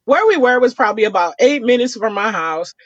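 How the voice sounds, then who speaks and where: Animated high-voiced woman telling a story. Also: fairly quick, dry recording, lo-fi sound. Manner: animated, acts out quotes with big pitch jumps. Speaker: podcast co-host. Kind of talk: casual storytelling chat.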